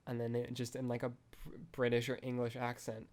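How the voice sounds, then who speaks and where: A young man talks through a film in a loose, rambling podcast chat, dropping "like" and "um" all the time. His pitch sits in a middle range, and his delivery stays flat and even with little rise or fall. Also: a little fast. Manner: rambling, heavy use of "like" and "um". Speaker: podcast host reviewing a film. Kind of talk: casual chat.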